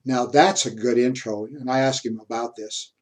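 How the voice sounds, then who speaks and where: A man gives a university history lecture at a mid-range pitch. He drifts into personal stories in a chatty, easygoing way and chuckles often as he talks. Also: steady tone, normal speed. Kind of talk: classroom lecture with anecdotes.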